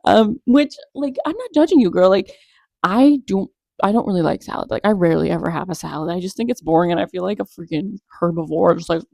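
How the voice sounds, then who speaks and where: A young woman hosts a casual commentary vlog, her tone mellow and relaxed. She talks in an animated, gossipy way, tossing in sarcastic asides. The sound is dry and close, with no room echo. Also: fairly low pitch, fast, creaky. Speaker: commentary vlogger.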